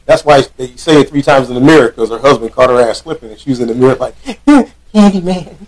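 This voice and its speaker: A man's voice: medium pitch, very fast, low-quality recording. A man co-hosting a casual comedic podcast chat, joking around and spinning silly backstories. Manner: joking, spins silly backstories, bursts into put-on voices. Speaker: podcast co-host.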